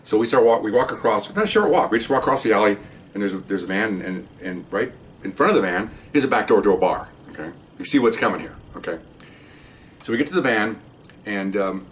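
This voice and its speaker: Retired from police work, this older man spins a yarn from his career in a loose, wandering way, often starting over and checking in with "okay?" His voice is lowish, animated, and fairly quick. The mic is distant, picking up a faint background hiss.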